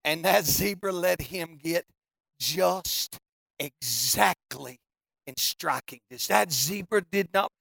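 A preacher telling a funny story in a sermon, folksy and animated, now and then breaking into shouts. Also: mid-range voice, takes it slowly, gravelly, husky, dry recording, clean studio sound.

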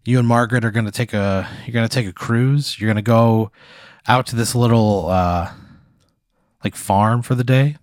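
A man telling an improvised comic story in the second person, in a deadpan, rambling way. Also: mid-range voice, moderate pace, no room sound.

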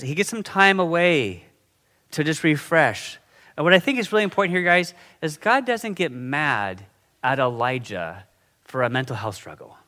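A middle-aged man preaching a sermon in a conversational, animated way, often checking in with his listeners. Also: fairly high pitch. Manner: conversational, animated, frequent "okay?" and "right?" check-ins. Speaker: pastor.

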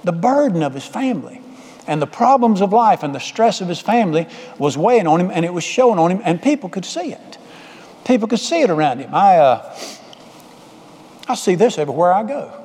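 A man's voice: high voice, sing-song, fairly quick, darkish tone, husky. A man preaching a sermon as pastor in a folksy, conversational way, repeating his phrases. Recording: long hall reverb.

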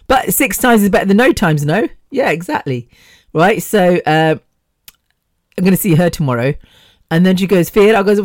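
Lady in her 50s rambling on her podcast, low voice, dead dry sound, swears a bit. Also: lively intonation, a little fast, a little mellow, no room sound. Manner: chatty and rambling, with swearing and laughs. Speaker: podcast host. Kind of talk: casual solo podcast chat.

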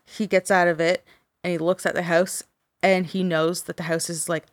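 Podcast co-host, woman, lowish voice, casual storyteller, dry close sound. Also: level tone, moderate pace, no echo. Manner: casual, swears, many fillers like "like" and "um".

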